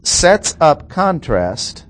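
A middle-aged man teaching a Bible lesson in a slow, deliberate way, repeating key phrases for emphasis. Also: a little high, big pitch swings.

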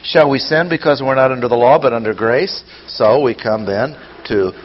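A man's voice: medium pitch, normal speed. A man teaching scripture verse by verse, reading passages aloud, then explaining them and asking rhetorical questions. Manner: poses rhetorical questions to listeners. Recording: dull lo-fi sound with faint noise.

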